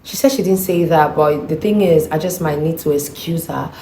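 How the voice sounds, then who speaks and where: A woman vlogger telling a personal story in an animated, indignant way, acting out the dialogue. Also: low-pitched, normal speed, slight background noise. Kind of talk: storytime monologue. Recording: echoey room.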